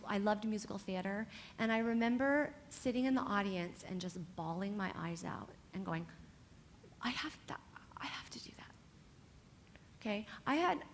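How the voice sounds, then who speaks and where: A woman who teaches dance in California talks straight to young dancers, motivating them with animated encouragement. Her voice is mid-range, and there's a little hiss or hum in the recording.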